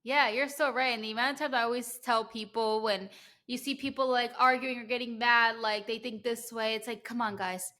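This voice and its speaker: A young woman from New Jersey with a New Jersey accent, hosting a podcast and telling stories in an animated way, full of "like"s and quick laughing asides. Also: on the high side. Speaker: podcast host. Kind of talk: casual interview chat.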